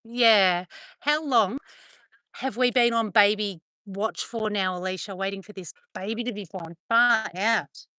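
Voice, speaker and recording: A woman's voice: medium pitch, measured pace, pushed and bright, no room sound. A woman vlogging outdoors on a farm, chatting playfully and teasing her dogs. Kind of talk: casual chat to camera and to her dogs.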